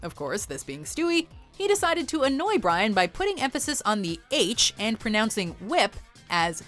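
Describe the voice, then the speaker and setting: A woman reads a scripted countdown with a wry, playful edge. Her pitch sits a touch high and swings widely from phrase to phrase. Faint music plays beneath her. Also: big pitch swings, normal speed, a bit bright. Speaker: countdown narrator.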